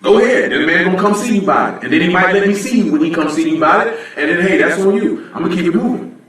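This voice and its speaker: Speaking from a distance in a very echoey room, a male teacher at a religious assembly gives blunt, informal Bible teaching. His voice sits high and is a bit bright, with lively intonation and a very fast pace. He talks conversationally, often asking "you know what I'm saying."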